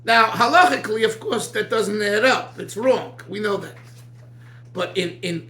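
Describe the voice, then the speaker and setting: Rabbi guy giving a casual torah class, high bright voice, jumps around and restarts a lot. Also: unhurried, echoey room. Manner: animated, digressive, many restarts. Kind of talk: informal Torah class talk.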